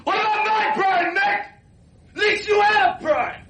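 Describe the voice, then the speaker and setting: Rocky, a shouting boxer. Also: male voice, very high voice, a little slow, recorded from a distance, heavily acted. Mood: furious ranting. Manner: shouting, ranting tirade. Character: bitter, struggling male boxer in his thirties. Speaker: film character. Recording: roomy film clip from afar with faint hiss.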